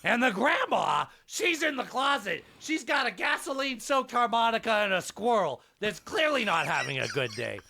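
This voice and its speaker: A man putting on a raspy, gravelly comedian voice to tell a long, filthy joke with dramatic, halting repetitions. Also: extremely high pitch, big pitch swings, pushed and bright, voice pushed up, full character voice. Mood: gleeful storytelling. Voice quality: gravelly at times. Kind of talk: impression while telling a joke.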